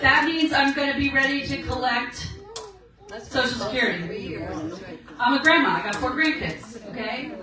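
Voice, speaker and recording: A chatty woman in her sixties speaks to a meeting, her voice a little high for a woman, laughing easily between stories. She sounds far from the mic in a very echoey room. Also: moderate pace, crowd noise. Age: 60s. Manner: chatty storyteller, laughs often, asks "okay?". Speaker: guest speaker at a women's meeting. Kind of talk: casual encouraging talk.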